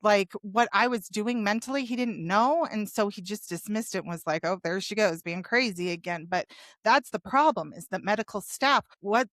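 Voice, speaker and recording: A woman guest on a podcast, telling her own story openly, with a wry humor about dark memories. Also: mid-range voice, no room sound, studio quality. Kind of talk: candid storytelling in a podcast interview.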